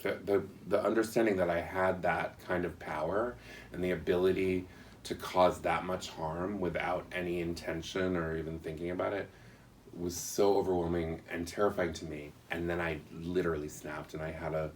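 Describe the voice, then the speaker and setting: A man in an interview telling a personal story in an earnest, halting, reflective way. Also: low voice, distant mic, a little hiss or hum.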